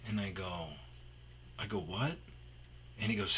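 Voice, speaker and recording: A man's voice: lowish voice, normal speed, pauses often, a bit bright, husky. A man hosting his own vlog, telling a rambling, profane story in a casual monologue. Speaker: vlog host telling stories.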